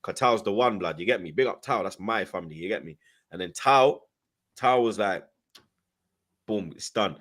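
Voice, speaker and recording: A young man with a lowish voice talks at normal speed but leaves long pauses while telling a story as a podcast guest. He uses London slang, gets excitable and acts out people's lines.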